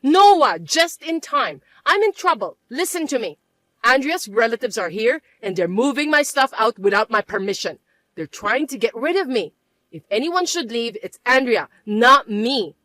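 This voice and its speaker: A woman voicing a scheming, bossy middle-aged mother-in-law who talks in a shrill, accusing way. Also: big pitch swings, moderate pace, bright, forceful tone, dry recording. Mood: complaining. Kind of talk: dramatized story voice acting.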